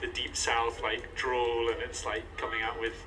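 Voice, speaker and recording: A man's voice: mid-range voice, monotone, normal speed, poor audio. Hesitant English man, music underneath. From England. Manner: hesitant, full of "like". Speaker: street interviewee. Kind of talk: casual street interview.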